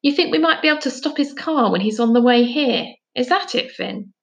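Woman doing a sharp, thoughtful girl. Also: high voice, animated, a little fast, creaky, voice pushed up. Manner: accusing, sharp.

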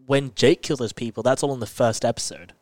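A man's voice: medium pitch, fast talker, dry recording. A man co-hosting a podcast in casual chat, eagerly explaining a plot and laughing often. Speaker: podcast co-host.

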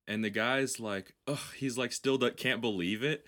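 A man's voice: medium pitch, a little slow, hardly any pauses, pushed and bright. A man hosting a podcast, telling long rambling stories in casual, heavily profane chat. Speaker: podcast host.

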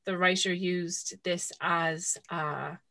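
A woman's voice: fairly low pitch, fairly even intonation, slow, bright, forceful tone. A woman co-hosting a podcast, rambling casually about a book and peppering her talk with "like". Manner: rambling, full of "like" and retold dialogue. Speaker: podcast co-host.

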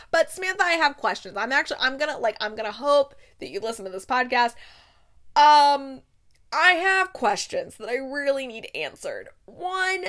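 A young woman hosting a podcast, gushing casually about books she loves, with bursts of laughter and dramatic retellings. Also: sits high. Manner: gushing, excitable, breaks into laughs and acted-out quotes. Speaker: podcast host. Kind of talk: casual book review chat.

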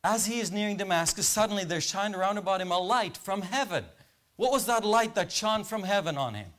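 Guy preaching in church, fairly high voice, keeps asking the room questions. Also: animated, fairly quick, fairly bright tone. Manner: questions the congregation and waits for answers. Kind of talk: interactive sermon.

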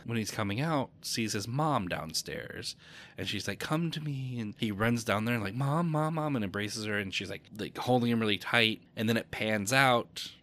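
A man's voice: lowish voice, normal speed, sharp tone. A man co-hosting a podcast, casually recapping a movie plot, rambling and correcting himself. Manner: rambling, self-correcting, chuckles often. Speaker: podcast co-host.

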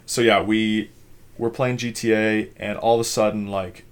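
A man's voice: lowish voice, level tone, moderate pace, clean tone. A young man from Minnesota, a podcast co-host, telling a rambling story in casual chat, swearing freely and using many fillers.

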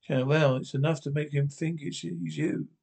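A man's voice: fairly even intonation, moderate pace, gravelly, a little mellow. A man reading as a cheeky young alien woman. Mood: wary. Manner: low, wary asides.

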